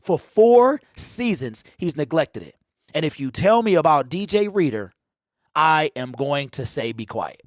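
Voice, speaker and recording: A man's voice: a little high, very animated, measured pace, no echo, studio quality. A man in his forties hosting a fan livestream, rambling and teasing his chat in a casual rant. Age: 40s.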